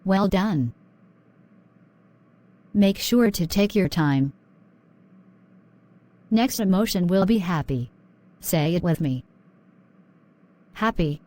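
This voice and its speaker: A woman's voice: lowish voice, lively intonation, slow pace, long pauses, mellow. A woman teaching English vocabulary in a scripted drill, encouraging and repeating words.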